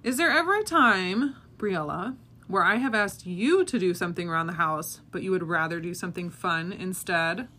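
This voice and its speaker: A woman, a parent hosting a family podcast, reading a children's storybook aloud with expressive, animated delivery. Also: fairly low pitch, normal speed.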